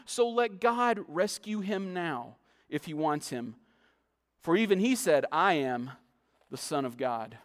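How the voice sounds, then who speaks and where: A man's voice: a little high, in a large hall. A man preaching a sermon, reading scripture passages aloud and explaining them. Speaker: pastor.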